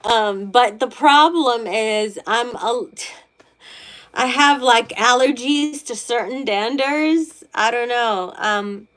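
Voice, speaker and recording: A middle-aged woman hosting a tarot livestream, chatting with her viewers in a slow, unhurried way. Her voice sits a little high, and she rambles and gushes, restarting her sentences as she goes. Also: a bit bright. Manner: rambling, gushing, many restarts. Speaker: tarot reader, livestream host. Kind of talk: casual livestream chat with viewers.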